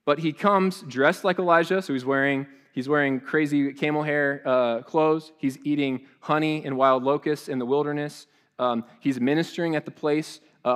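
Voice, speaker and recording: A man's voice: on the high side, a bit bright. A male pastor, preaching a sermon in a loose, conversational way with frequent restarts and asides.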